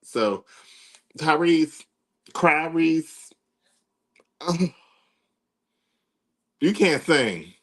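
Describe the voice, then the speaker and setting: Animated male co-host, higher voice with heavy fry, exasperated. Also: drawn-out words, long pauses. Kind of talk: casual comedic chat.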